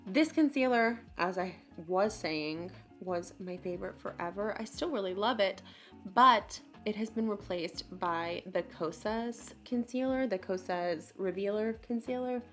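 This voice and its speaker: Chatty late-twenties woman doing a makeup tutorial, mid pitch, faint music underneath. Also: measured pace. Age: late 20s. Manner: chatty, bubbly, self-deprecating asides. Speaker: beauty vlogger. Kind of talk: casual makeup tutorial chat.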